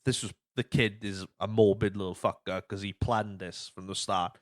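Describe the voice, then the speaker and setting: A man's voice: on the low side, steady tone, moderate pace, dry recording, studio quality. A man hosting a podcast, telling stories casually with lots of swearing and acted-out quotes. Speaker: podcast host. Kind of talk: casual chat.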